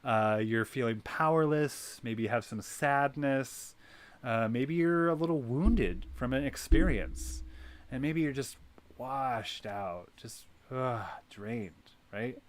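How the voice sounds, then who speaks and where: A man hosting a wellness circle, talking in an animated coaching way that is full of "right?" and "you know". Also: mid-range voice, a little slow. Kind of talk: guided wellness talk.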